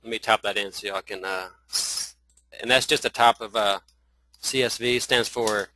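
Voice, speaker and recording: A man with a Southern accent teaching a live screen-share webinar, talking in halting runs full of restarts and fillers. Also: on the low side, fairly even intonation, sharp tone, slight background noise, poor audio. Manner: halting, many restarts and fillers, addresses viewers as y'all. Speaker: online marketing trainer.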